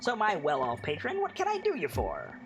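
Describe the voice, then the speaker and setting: A woman voicing a greedy, smooth-talking male raccoon merchant in a video game, with game music behind. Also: deep voice, wildly swooping pitch, a little fast, noisy background, exaggerated voice. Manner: salesman patter, flustered when caught.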